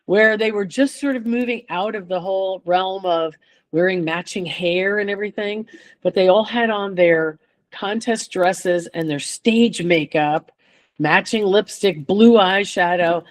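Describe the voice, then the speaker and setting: An older woman guest chatting in a relaxed way, telling lively stories and laughing often. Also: mid-range voice, a little slow. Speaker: guest chorus singer. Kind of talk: casual storytelling chat.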